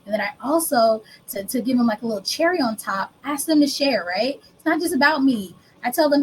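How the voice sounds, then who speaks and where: This is a woman presenting a business workshop, her voice sitting slightly higher than most. She keeps it conversational and animated. She often drops into playful acted-out exchanges with her clients. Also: fairly quick, hardly any pauses, a little hiss or hum, rough recording. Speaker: business coach and speaker.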